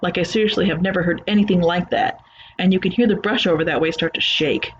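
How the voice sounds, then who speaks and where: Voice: medium pitch, steady tone, fast talker, slight background noise. Dull-sounding horror story narrator. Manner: plain conversational first-person retelling. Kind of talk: reading a horror story aloud.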